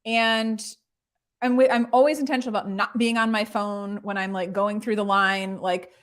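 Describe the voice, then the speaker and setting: A woman's voice: medium pitch, flat delivery, normal speed. A woman hosting a casual livestream chat, bubbly and chatty, filling her talk with "like". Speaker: show host.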